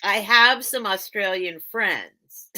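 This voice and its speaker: A woman's voice: mid-range voice, takes it slowly, pushed and bright. A woman hosting a live online sale, chatting casually and rambling as she loses her train of thought and laughs often. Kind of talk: casual live-stream chat.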